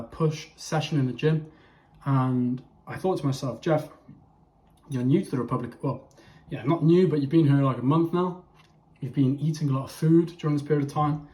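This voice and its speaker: A young man chats to his viewers in a casual fitness vlog, keeping the tone loose and checking in with okay. His voice sits slightly high, and the room around him echoes noticeably. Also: fairly quick, mellow. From England. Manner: chatty, addresses viewers as boys, frequent okay. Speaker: fitness vlogger.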